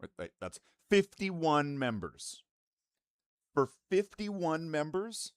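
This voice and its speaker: A man's voice: on the high side, big pitch swings, slow pace, clear, resonant tone, no room sound, studio quality. A man streaming live and chatting casually with his viewers in profane, rambling, mock-indignant banter.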